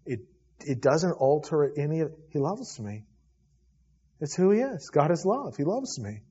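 A man preaches to his church in a husky voice, his delivery rising to loud appeals and sinking to near-whispers. The recording is dull and lo-fi, as if taped during a service. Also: a little high, very animated, unhurried. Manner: preaching with swells from loud to hushed. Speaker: pastor. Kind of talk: sermon.

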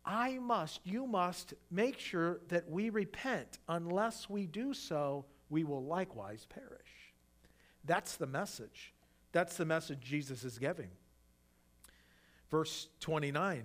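A man's voice: fairly high pitch, animated, measured pace. A man preaching a sermon. He reads scripture aloud with rising emphasis, restarts his phrases, and explains the verses in a conversational way. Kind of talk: sermon, Bible exposition.

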